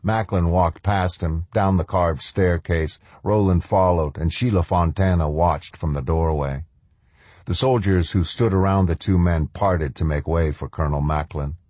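A man narrating a story in a measured, grave storytelling manner. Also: deep voice, darkish tone, dry recording. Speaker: audiobook narrator. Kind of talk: scripted narration.

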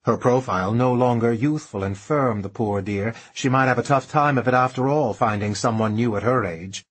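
A man narrating an audiobook in a measured, expressive way. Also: mid-range voice, breathy edge. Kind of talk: scripted narration.

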